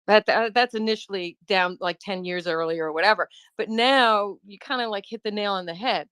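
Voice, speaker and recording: A woman's voice: mid-range voice, smooth, no echo. Reflective woman in dry conversation. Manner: warm, reflective, halting with restarts. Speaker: guest. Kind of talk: casual chat.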